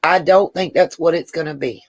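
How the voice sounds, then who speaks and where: A woman with a deep voice speaks at a normal speed in a recording with no echo. Hosting a casual livestream, she greets chat viewers by name, says the Southern "y'all," and grows emotional, close to tears.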